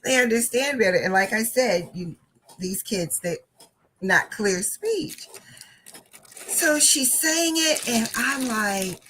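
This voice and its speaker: A woman's voice: a little high, expressive, slow, pushed and bright, slight background noise, low-quality recording. A woman hosting a crafting channel, telling a casual story and often laughing while she talks.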